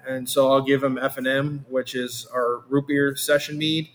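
A man's voice: medium pitch, level tone, moderate pace, hardly any pauses. Man rambling with many restarts. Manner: rambling, repeats words and restarts often. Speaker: meadery owner. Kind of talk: casual interview chat.

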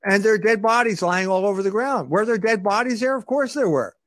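High-pitched and expressive, this male guest speaks fairly quickly with a fairly bright tone, recorded without echo. Pressing his point in an argumentative interview, he poses rhetorical questions and often repeats words when starting sentences.

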